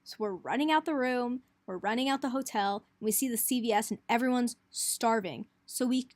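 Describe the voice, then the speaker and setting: A slightly high, brisk voice with no echo belongs to a young college student vlogging about a hectic trip. She retells it chattily and breathlessly, leaning on "like" and acting out the quotes.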